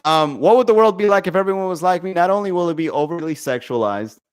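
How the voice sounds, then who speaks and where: A man's voice: high-pitched, expressive, fast talker, clean tone. Profane, rambling comedy podcast man. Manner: profane, rambling, laughs often. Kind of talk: casual livestream chat.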